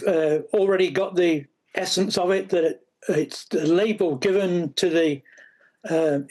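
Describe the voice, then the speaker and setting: A man's voice: fairly high pitch, a little mellow. A man, a guest expert, giving explanatory interview answers with frequent fillers and restarts. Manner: halting, many fillers and restarts.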